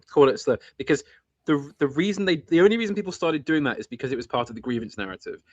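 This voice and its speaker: A man's voice: a little high, expressive, quick pace, darkish tone, husky, no room sound, highs cut off. A man in a casual conversation, opinionated and emphatic, stating his views firmly. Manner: opinionated, emphatic, imitates accents.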